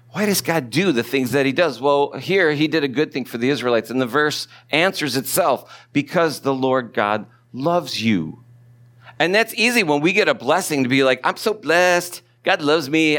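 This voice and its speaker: A man preaching a sermon as pastor, talking in a relaxed conversational way and putting questions to his listeners. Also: medium pitch. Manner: conversational, asks the congregation questions.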